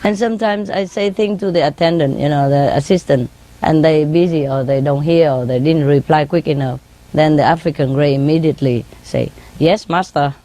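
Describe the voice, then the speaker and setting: A woman's voice: low-pitched, brisk, warm tone, low-quality recording. A woman speaking as a spiritual teacher, telling informal stories to an audience in non-native English, laughing often and mimicking her birds' calls. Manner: non-native English grammar, frequent "you know". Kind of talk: informal anecdote told to an audience.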